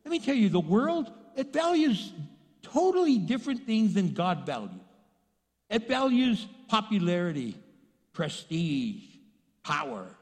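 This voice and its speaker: High-pitched middle-aged pastor guy from texas preaching, goes from hushed to shouting, big echoey church hall. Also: sing-song, a little slow. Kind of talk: sermon. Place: large packed church.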